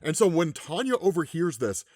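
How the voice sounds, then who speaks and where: A man's voice: fairly high pitch, very animated, moderate pace, a little mellow, no room sound, clean studio sound. A man in his forties who recaps a comic in casual commentary, chatting and often tossing in "right?" asides. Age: 40s. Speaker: comics explainer host.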